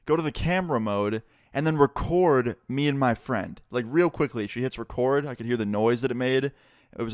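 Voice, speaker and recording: A young man vlogger telling a story in a casual, animated way, swearing freely. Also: medium pitch, no room sound, clean studio sound.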